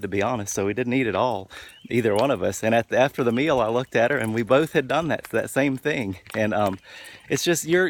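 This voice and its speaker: A man telling a story casually to the camera, with many fillers and restarts. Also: medium pitch. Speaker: vlogger.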